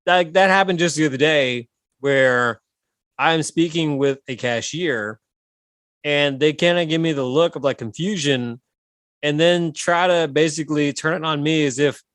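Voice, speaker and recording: A man in his thirties co-hosting a comedy podcast, telling animated stories and swearing freely. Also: fairly high pitch, a little slow, dry recording. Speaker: podcast co-host. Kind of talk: casual comedic chat.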